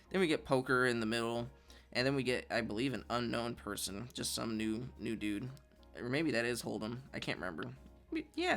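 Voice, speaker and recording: A man's voice: medium pitch, gravelly, a bit bright. A man co-hosting a podcast, casually recapping a comic chapter and reading out its dialogue, with many hesitant ums and uhs. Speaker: podcast co-host.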